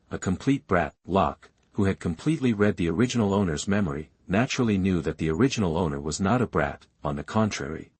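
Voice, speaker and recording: A man narrating a translated web novel as an audiobook, reading at a steady, even pace. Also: on the low side, breathy edge, dry recording.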